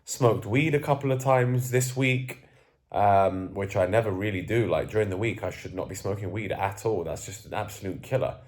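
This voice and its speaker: A man's voice: on the low side, normal speed, a little mellow. A young man in a candid vlog who is groggy, sneezing and coughing, rambling and swearing as he runs himself down. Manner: rambling, self-deprecating, swears freely. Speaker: self-improvement coach. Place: indoors, sitting at home. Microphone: camera facing him.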